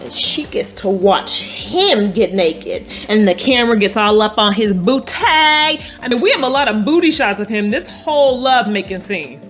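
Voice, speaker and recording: A woman chatting casually as she recaps a TV episode, animated and playful, bursting into dramatic emphasis and swearing bluntly. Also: mid-range voice, moderate pace, hardly any pauses, faint music behind. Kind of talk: casual chat.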